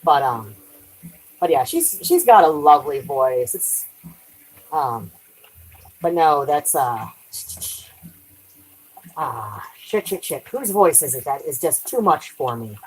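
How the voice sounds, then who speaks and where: A woman's voice: deep voice, very animated, slow pace, long pauses, a little mellow, husky, poor audio. A woman chatting casually on a live stream while doing dishes at home, rambling, trailing off and swearing lightly.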